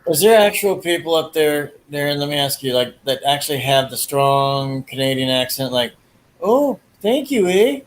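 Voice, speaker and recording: A man's voice: medium pitch, steady tone, normal speed, few pauses, slight background noise, poor audio. A man hosting a livestream, chatting casually in a rambling way with crude jokes and lots of fillers. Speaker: livestream host. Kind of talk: casual chat.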